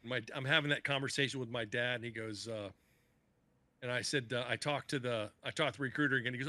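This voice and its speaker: Bright-voiced man telling stories profanely. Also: mid-range voice, steady tone, fast, dry recording. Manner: profane, acts out other people's lines. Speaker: podcast guest. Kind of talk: casual storytelling chat.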